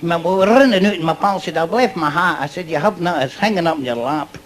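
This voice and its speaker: A Scottish stand-up comedian performs live, his voice on the high side and fast as he rambles through jokes and chuckles at his own lines. The club recording carries audience laughter and noise.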